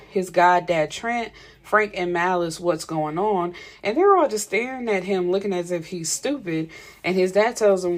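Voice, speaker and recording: A woman casually recapping a novel in a chatty way, laughing and cursing freely. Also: on the low side. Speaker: book reviewer.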